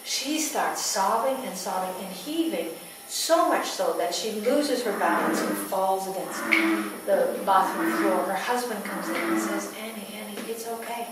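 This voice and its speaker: A woman midwife recounts a birth story in an unhurried, hushed voice that often falls almost to a whisper. Her delivery is very slow and deliberate. The recording is taken from a distance in a strongly echoing room, with clear background ambience. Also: mid-range voice, expressive. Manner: slow, intimate, dropping to near whispers. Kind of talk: storytelling to a live audience. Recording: echoey room, distant mic, ambient noise.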